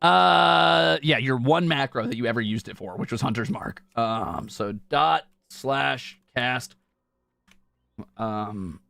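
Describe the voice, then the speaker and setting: A man's voice: medium pitch, slow pace, creaky, bright, forceful tone, dry recording. A young man streaming a game, chatting playfully with viewers and joking around, sometimes muttering to himself while he types. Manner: playful, joking, drifts into mumbling while typing. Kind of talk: casual gaming livestream chat. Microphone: close streaming mic.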